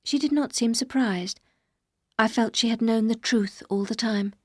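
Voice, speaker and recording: A woman narrating a classic novel aloud in a calm, steady storytelling voice. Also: a little high, a little slow, no room sound, studio quality. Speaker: audiobook narrator.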